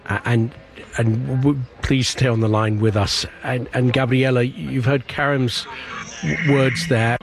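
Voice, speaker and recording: A male interview host speaks gently at a middle pitch. He stammers over the first sounds of his phrases before settling into full sentences. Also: fairly even intonation, unhurried, gravelly, crowd noise. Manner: gentle, with nervous stammered restarts. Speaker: radio or podcast host.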